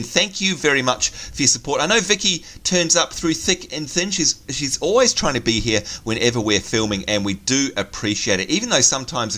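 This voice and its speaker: An Australian man co-hosts a game channel video, his medium-pitched voice pushed and bright. He chats casually and enthusiastically about the gameplay, exclaiming as guests show up.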